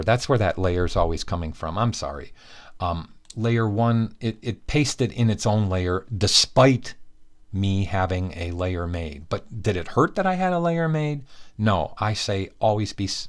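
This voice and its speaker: A man teaching a software tutorial step by step, asking the viewer questions and correcting himself as he goes. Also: deep voice. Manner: talks through each step, asks the viewer questions, self-correcting. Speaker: software instructor. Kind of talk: screen-recorded software tutorial.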